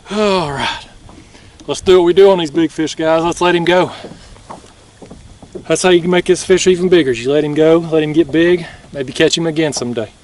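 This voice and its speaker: A man talks in a slightly high voice as he films himself fishing from a kayak at night, excited, chatty and quick to laugh. He sounds out of breath, and faint water noise sits behind him on the camera mic. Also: recorded from a distance. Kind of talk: casual vlog narration.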